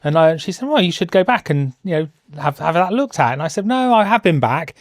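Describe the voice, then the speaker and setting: A man's voice: fairly high pitch, sing-song, a little fast, dry recording. A British man in casual conversation as a podcast guest, telling stories with self-deprecating, dry humor. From Britain. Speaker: guest, host's husband.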